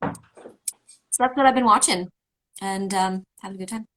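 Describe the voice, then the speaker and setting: A woman's voice: medium pitch, normal speed, a bit bright, slight background noise, poor audio. Canadian woman on a video call, chatty and rambly, casual livestream talk. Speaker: voice actor signing autographs on a livestream. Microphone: remote video call.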